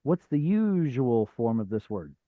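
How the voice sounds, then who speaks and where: A man's voice: mid-range voice, very animated, unhurried, dry recording. Patient man teaching on a tinny video call. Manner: patient, explains step by step, many fillers. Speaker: Hebrew teacher. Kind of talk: live online class teaching.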